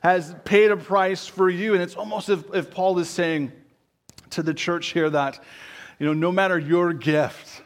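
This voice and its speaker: A man preaching a sermon in a conversational way, often adding tag questions and dropping low and quiet on key words. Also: steady tone, a little slow. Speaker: pastor.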